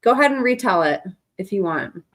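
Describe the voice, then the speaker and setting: A woman's voice: mid-range voice, animated, brisk, a bit bright. A woman hosting a podcast interview, speaking to her guest in a sympathetic, earnest way. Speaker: podcast host.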